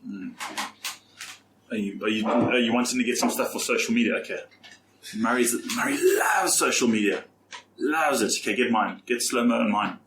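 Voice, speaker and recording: A man's voice: mid-range voice, normal speed. A man hosting a casual chat over beer, prodding and teasing his guest with questions. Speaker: host. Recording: roomy with background noise.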